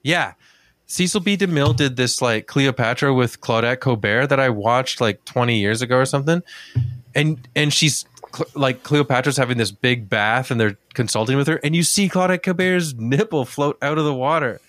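A man's voice: mid-range voice, moderate pace, a bit bright, dry recording, clean studio sound. A man co-hosting a casual talk podcast, telling a story in a chatty way, swearing freely and filling with "like". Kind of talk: casual chat.

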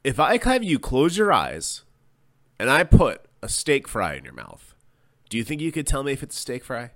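A man co-hosting a comedy podcast, loud and jokey, swearing often. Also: mid-range voice, huge pitch swings, moderate pace. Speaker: podcast co-host. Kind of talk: casual comedic chat.

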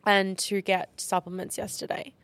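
Woman co-host, mid-pitched, blunt and foul-mouthed, casual podcast banter on a dry close mic. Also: flat delivery, normal speed, a bit bright, no echo. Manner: blunt, swears freely.

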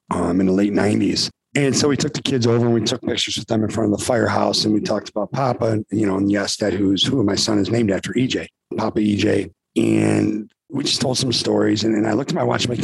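Tired gravelly man from Chicago. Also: on the low side, dry recording, low-quality recording. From Chicago, USA. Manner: storytelling, rapid with repeated restarts. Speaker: podcast host. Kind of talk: casual podcast monologue.

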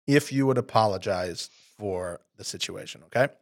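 A man's voice: fairly low pitch, moderate pace, creaky. A man co-hosting a podcast, playful, acting out silly scenarios while asking questions. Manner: playful, acts out scenarios in mock voices. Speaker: podcast co-host. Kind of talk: casual podcast interview.

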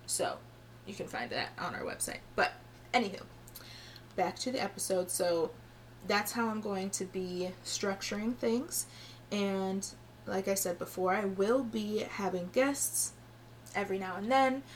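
A young adult woman hosting a casual solo podcast, chatty and rambling with many fillers, her voice strained and a little hoarse. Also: medium pitch, a little slow, slight background noise. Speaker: podcast host.

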